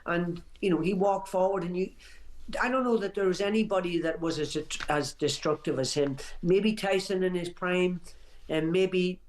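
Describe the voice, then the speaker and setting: Guy in his 60s, boxing pundit on a radio show, emphatic, keeps restarting his sentences, voice on the high side. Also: moderate pace. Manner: emphatic, reminiscing, restarts phrases often. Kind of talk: radio talk show chat.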